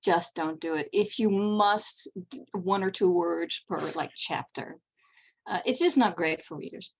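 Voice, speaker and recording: A woman's voice: fairly low pitch, unhurried, creaky. A woman, a non-native English speaker, giving a chatty convention panel talk on writing, with many fillers and restarts. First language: not English. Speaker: panel presenter.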